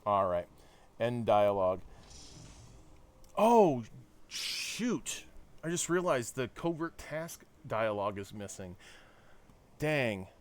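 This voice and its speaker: A streamer with a mid-range, sing-song voice speaks slowly with long pauses as he casually comments on a game he's playing live. He chats with his viewers and thinks aloud, restarting as he goes.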